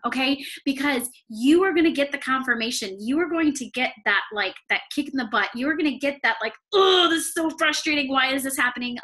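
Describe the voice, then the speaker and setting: A woman with a high, light voice giving a motivational pep talk to her sales team. She talks in a chatty, looping way, dropping "like" and "okay?" into nearly every sentence. Her voice gets emotional and close to tears in places. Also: pushed and bright. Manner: emotional, near tears at times.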